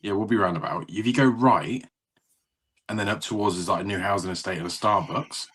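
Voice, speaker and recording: A man's voice: lowish voice, fairly quick, fairly bright tone, husky. A man co-hosting a podcast, bantering playfully and teasing his friend in casual chat. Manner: playful, teasing banter, sing-song greetings. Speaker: podcast co-host.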